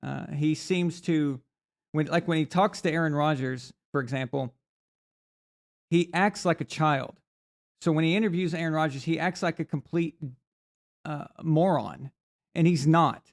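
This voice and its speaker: This sports talk host speaks a little slowly in a fairly high, gravelly voice, pausing often. Streaming live on a desk mic on camera, he wanders through his takes with plenty of fillers and restarts.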